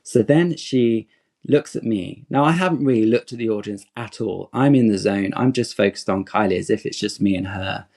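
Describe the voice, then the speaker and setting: A man's voice: fairly low pitch, normal speed. A man in his forties telling a long fan story in a casual podcast chat, acting out quotes as he goes. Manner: animated, digressive anecdote with acted-out quotes.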